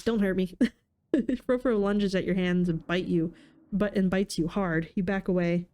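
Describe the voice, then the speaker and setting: Mellow-voiced woman reading a game aloud. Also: medium pitch, moderate pace, clean tone. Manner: playful, laughs at her own reading. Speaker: let's player. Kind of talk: reading game text aloud with casual commentary.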